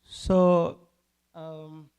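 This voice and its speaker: Male scripture class speaker, storytelling delivery, gravelly voice with a dark tone. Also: fairly high pitch, flat delivery, very slow, poor audio. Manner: storytelling, laughs between lines.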